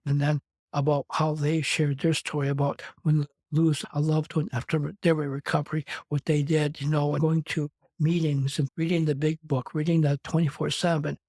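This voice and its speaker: A man's voice: a little high, darkish tone, no echo. A man from Wisconsin telling his personal story as an interview guest, in a rambling, conversational way that strings clauses together with "and". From Wisconsin, USA.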